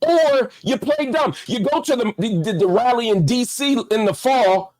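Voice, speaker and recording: A man's voice: very high-pitched, animated, moderate pace, a little mellow, dry recording, rough recording. A middle-aged man giving impassioned commentary as host, indignant and firing off rhetorical questions.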